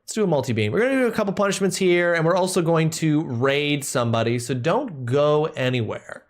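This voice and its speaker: A man's voice: on the high side, lively intonation, fairly quick. A man streaming a video game live, joking around and talking to his chat between gameplay. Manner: playful, jokey, talks to chat. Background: game music.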